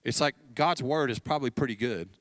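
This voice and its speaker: A man preaching a sermon as pastor, telling stories in a relaxed, conversational way and acting out bits of dialogue. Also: medium pitch, a little fast, no echo. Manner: conversational storytelling, acting out dialogue with light laughs.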